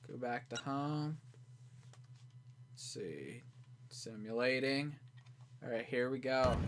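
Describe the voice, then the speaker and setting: A man giving live gameplay commentary, yelling excitedly and in frustration at the game as he plays. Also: mid-range voice, a little hiss or hum. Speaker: gaming channel host.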